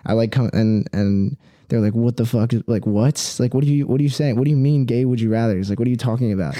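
Laid-back young man, dark voice, dry sound. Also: medium pitch, fast, no echo. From Philippine heritage. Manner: rambling, full of "like" and "dude". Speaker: guest. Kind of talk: casual podcast chat.

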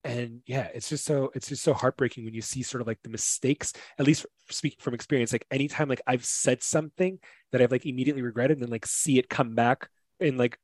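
A man's voice: medium pitch, steady tone, quick pace, a little mellow, no echo. Casual man saying "like" a lot. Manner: casual, thoughtful, heavy use of "like". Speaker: podcast guest and father. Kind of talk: casual conversational podcast.

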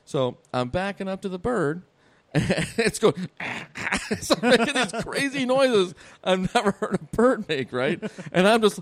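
With a high, sing-song voice and a measured pace, this man co-hosts a casual podcast. He tells profane stories and keeps bursting out laughing.

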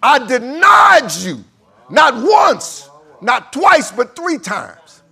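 A male preacher acting out a remorseful grown man pleading with God, in an anguished voice that breaks into loud cries. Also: very high voice, very animated, drawn-out words, gravelly, husky, voice pushed up, heavily acted.

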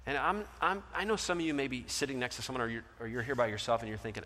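Bright-voiced male pastor in a reverberant hall. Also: mid-range voice, racing, few pauses, a little hiss or hum. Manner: storytelling, acts out quoted voices, shifts loud to soft. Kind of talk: sermon. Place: large church hall.

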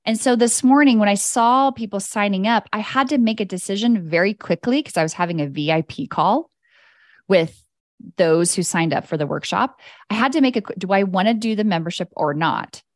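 A woman's voice: medium pitch, lively intonation, moderate pace, dry recording, studio quality. A woman hosting a podcast as an energy coach, talking in a casual, candid monologue. She swears freely and laughs often.

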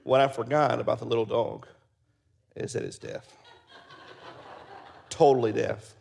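A pastor preaches with a gravelly, creaky voice at an average male pitch. He tells folksy stories, then settles into quiet prayer. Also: lively intonation, moderate pace, long pauses. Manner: folksy storyteller, soft and prayerful at close. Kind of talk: sermon with storytelling.

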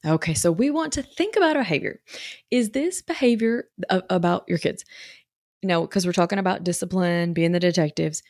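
A woman's voice: mid-range voice, darkish tone, no room sound, studio quality. A woman talking as a parenting coach, chatty and reassuring, with lots of fillers. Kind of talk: casual coaching talk.

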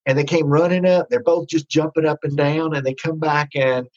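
A man telling his faith testimony in a rambling, halting way, full of restarts. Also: fairly high pitch, steady tone, darkish tone, lo-fi sound. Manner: rambling, with many restarts and fillers. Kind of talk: storytelling testimony.

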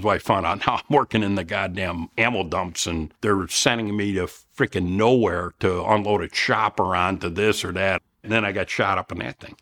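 A man talks in a fairly low voice. He tells his stories bluntly and rambles, swearing often and starting his sentences over. The tone is casual, like an old veteran chatting. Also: fairly bright tone. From Elmhurst, Illinois. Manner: blunt, profane, rambling with restarts. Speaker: guest, Vietnam veteran. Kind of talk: casual storytelling.

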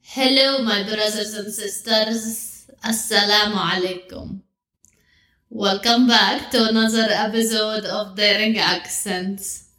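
A woman's voice: mid-range voice, steady tone, takes it slowly, sharp tone, echoey room. A woman voicing an earnest Middle Eastern podcast host with a put-on Arabic accent, talking in a formal, solemn way.

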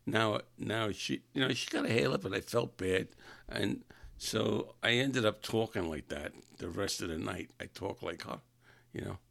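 A man's voice: on the low side, normal speed, gravelly, a bit bright, no echo. A man casually telling rambling personal anecdotes, often correcting himself mid-sentence. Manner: rambling, self-correcting, chuckling. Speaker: storyteller.

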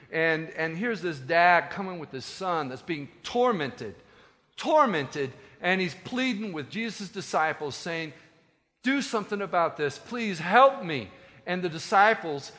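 A man preaching a sermon as a pastor, animated and conversational with joking asides, in a hall with long reverb. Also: on the high side, a little slow.

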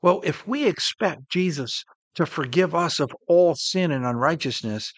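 A man delivers an earnest sermon in a voice pitched a little high. He swells up on key points and drops to a soft hush, and the sound is close and dry with no room behind it. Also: animated, a little slow, no room sound. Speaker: preacher.

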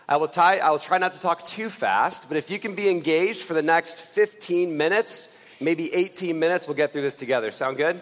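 Young male pastor, casual halting preaching style, slightly high voice, long church reverb. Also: a bit bright. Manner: halting, many fillers and restarts, earnest. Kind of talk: casual conversational sermon. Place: church sanctuary.

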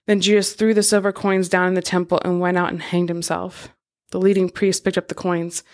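A woman co-hosting a podcast, reading scripture aloud in a steady, measured way. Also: fairly low pitch.

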